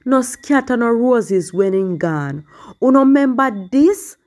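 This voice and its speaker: A woman with a Jamaican accent narrating commentary as host, in an unhurried storytelling manner. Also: on the high side, animated, darkish tone.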